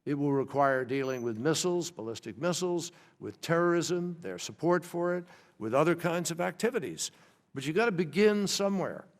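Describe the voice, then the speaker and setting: A man, a government official, giving formal testimony at a hearing, measured and pausing often to restart his thoughts. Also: on the high side, expressive. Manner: measured, with frequent hesitations and restarts. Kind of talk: formal testimony answering questions. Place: large hearing room. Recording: long reverb from a large hall.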